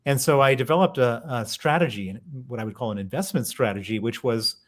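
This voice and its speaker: A man's voice: medium pitch, fairly quick. A man in his fifties with an American accent, a guest telling his story fluently in an interview. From United States. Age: 50s. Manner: fluent storyteller with some restarts. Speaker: guest, author and investor.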